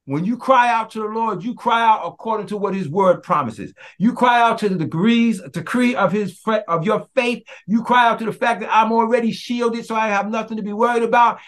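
A man, a pastor preaching a sermon, who prays in a hushed voice and then preaches with passion, often calling out to his congregation. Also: sits high, a little fast, hardly any pauses. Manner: impassioned preaching that turns to the congregation; hushed, prayerful delivery.

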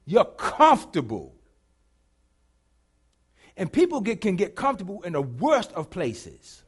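A middle-aged man preaching a sermon, telling a story dramatically and swinging from hushed to shouting. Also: high voice, huge pitch swings, a little slow, pauses often, husky.

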